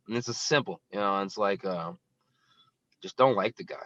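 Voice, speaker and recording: A man's voice: lowish voice, brisk, fairly bright tone, dry recording. A young man, a professional fighter, rambling through casual interview answers with openly hostile trash talk. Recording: dull lo-fi dry sound.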